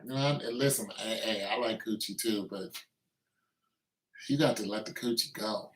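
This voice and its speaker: A man's voice: lowish voice, normal speed, a bit bright. A man in a blunt, preachy and joking casual rant, recorded in an echoey room with faint music behind. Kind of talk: casual rant with improvised singing.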